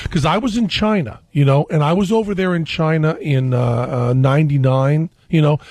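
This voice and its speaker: A man in a radio studio telling stories in casual, animated talk. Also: dry recording. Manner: animated storyteller, jumps high when excited. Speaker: guest. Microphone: studio mic.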